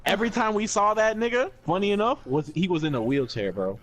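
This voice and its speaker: A young man telling a story in a casual, animated way, full of slang and swearing and laughing often. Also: high-pitched, a little fast, noisy background.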